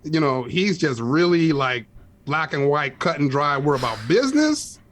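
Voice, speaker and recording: A man co-hosting a podcast in casual chat, talkative and quick to laugh. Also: on the high side, very animated, fairly bright tone, slight background noise. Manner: chatty, laughs easily, many fillers like "like" and "you know". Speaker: podcast co-host.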